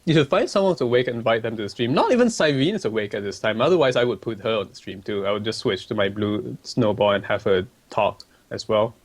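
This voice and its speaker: A man's voice: on the low side, expressive, quick pace, few pauses. A man on a livestream casually reading out chat messages and answering them, polite and a bit hesitant, with ums and restarts. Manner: polite and laid-back.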